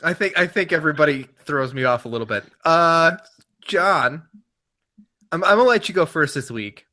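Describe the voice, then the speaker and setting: An easygoing man hosting a casual gaming podcast, laughing easily as he keeps the chat moving. His voice sits a bit high and sounds bright and forward. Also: expressive, normal speed. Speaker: podcast host.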